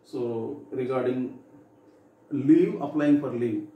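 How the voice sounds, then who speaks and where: A man's voice: mid-range voice, takes it slowly, warm tone, muffled recording. A man with an Indian English accent teaching an exam preparation lesson, repeating and listing points one by one. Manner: repetitive, instructive, lists items. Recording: echoey room, distant mic.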